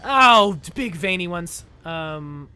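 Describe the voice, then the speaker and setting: Male game streamer, loud and jokey, bright voice, swooping pitch, chatting with viewers. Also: sing-song, a little fast, faint music behind. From United States. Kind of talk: casual live-stream commentary. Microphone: desk microphone.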